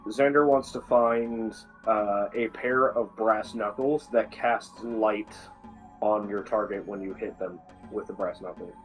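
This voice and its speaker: A man's voice: lowish voice, steady tone, measured pace, faint music behind, poor audio. A man playing a tabletop game with friends over a call, joking and restarting his sentences. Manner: joking, stumbling restarts, swears. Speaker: player. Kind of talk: casual tabletop game chat.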